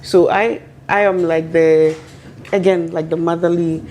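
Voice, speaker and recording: A woman on a webinar panel, telling stories about her business in a lively way and laughing often. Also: lowish voice, a little slow, slight background noise. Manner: animated storyteller, laughs often. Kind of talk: casual panel discussion.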